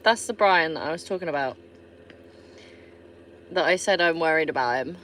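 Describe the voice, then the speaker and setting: A woman streaming live from England, with a Somerset accent, casually responds to viewers and swears freely. Her voice is low-pitched and fairly bright at a moderate pace, with a faint hiss or hum.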